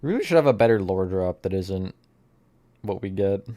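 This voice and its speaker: A man's voice: low voice, expressive, normal speed, dark tone. A man streaming live, chatting casually with his viewers while he builds, often laughing at his own slips. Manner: chatty, self-mocking, answers chat mid-task.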